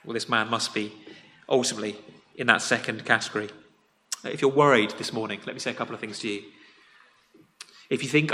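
Guy preaching a sermon, chatty, plain words, bright voice, long churchy echo. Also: mid-range voice, a little fast, pauses often, a little hiss or hum. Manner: conversational, plain-spoken, swings between loud emphasis and quiet earnest drops. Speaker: pastor. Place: church sanctuary. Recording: long reverb of a church hall.

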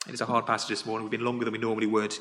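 A man preaching a sermon as pastor, plain-spoken and conversational, alternating loud emphasis with quiet, earnest drops. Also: fairly low pitch, completely flat delivery, racing. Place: church sanctuary. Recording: long reverb of a church hall.

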